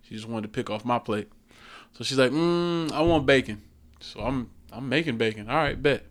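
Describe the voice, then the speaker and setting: A man's voice: mid-range voice, normal speed. A man in his thirties telling a story in casual podcast chat, acting out the voices and laughing often. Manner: animated storytelling, acts out voices and laughs a lot. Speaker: podcast co-host.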